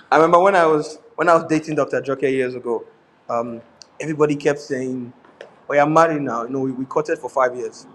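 A middle-aged Nigerian man with a Nigerian accent, preaching a sermon as pastor, animated and slipping into pidgin with frequent laughter. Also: medium pitch, a little hiss or hum.

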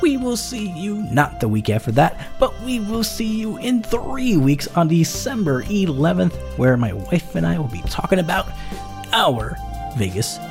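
A man's voice: high voice, sing-song, moderate pace, creaky, hardly any pauses, darkish tone, faint music behind. A man hosting his own podcast, talking off the cuff in a rambling way and swearing freely. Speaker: podcast host. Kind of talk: casual solo podcast outro.

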